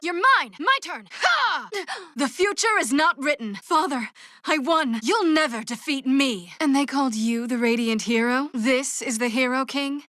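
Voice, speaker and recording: A woman's voice: high voice, a little slow, bright, forceful tone, no echo, clean studio sound. A resolute young swordswoman. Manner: resolute, proud taunts. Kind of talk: video game voice acting.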